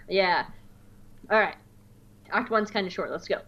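A woman co-hosting a podcast, chatting casually, laughing often and acting out quotes in squeaky voices. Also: a bit bright, highs cut off. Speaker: podcast co-host. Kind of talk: casual chat, recapping an episode.

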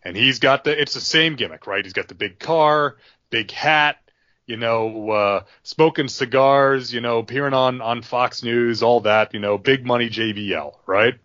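A man's voice: medium pitch, moderate pace, sharp tone, no room sound. A male podcast host tells a long story in casual, rambling talk, full of fillers and restarts. His voice sits in a middle register, and the audio is dry and a bit dull.

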